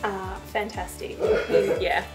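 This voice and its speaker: A woman's voice: mid-range voice, little pitch movement, slow. A woman speaking casually and a bit hesitantly, with lots of fillers, about her partner. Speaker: partner of the winner. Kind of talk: casual chat. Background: music.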